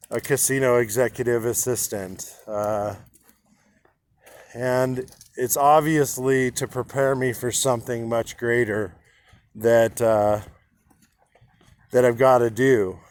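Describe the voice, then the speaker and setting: A man talks slowly and deliberately, stopping often to restart his sentences. His voice sits at an ordinary middle pitch, and he speaks frankly with casual swearing. He records an inspirational monologue into his own camera. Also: clear, resonant tone. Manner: halting, with frequent restarts and fillers. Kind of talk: candid personal vlog monologue.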